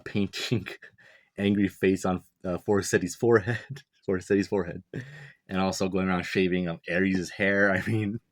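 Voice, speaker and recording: A man's voice: low voice, no room sound, studio quality. A young man casually breaking down a manga chapter, rambling and chuckling, full of "like" and "you know". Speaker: manga reviewer.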